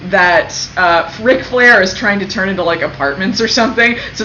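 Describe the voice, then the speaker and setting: A woman's voice: medium pitch, moderate pace, few pauses, a crowd in the background. A young woman co-hosting a livestream, chatting casually and laughing often as she tells long stories. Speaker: co-host of a fundraising livestream. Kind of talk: casual chat. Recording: echoey room, dull lo-fi sound, faint noise.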